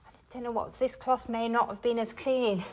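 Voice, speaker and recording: A woman's voice: on the high side, steady tone, moderate pace, darkish tone. Chatty woman vlogging while cleaning. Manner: chatty, thinks aloud, self-mocking asides. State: slightly out of breath. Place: home, indoors. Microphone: phone worn on a chest harness.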